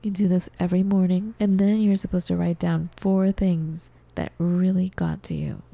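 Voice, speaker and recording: A middle-aged woman co-hosting a podcast, earnestly walking through a self-affirmation exercise with soft laughs and whispered asides. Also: on the low side, little pitch movement, normal speed, creaky, no room sound. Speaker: podcast co-host. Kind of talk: casual podcast talk, demonstrating an exercise. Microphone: studio microphone.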